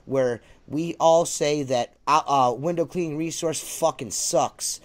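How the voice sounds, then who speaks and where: A man's voice: a little high, a little slow. A man hosts a loose podcast, bantering and ranting with brash, profane energy. His delivery is cocky and unfiltered. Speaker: podcast host.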